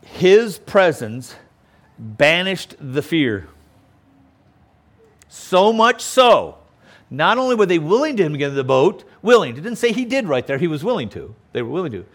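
A pastor preaching a sermon outdoors by a lakeshore, emphatic and often checking in with the listeners. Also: male voice, fairly high pitch, big pitch swings, measured pace. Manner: emphatic, keeps checking in with "okay?".

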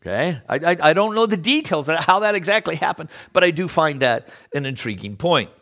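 A man's voice: on the high side, lively intonation, brisk, fairly bright tone. A man preaching in a conversational style, who often repeats words and checks in with his listeners. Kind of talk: conversational sermon.

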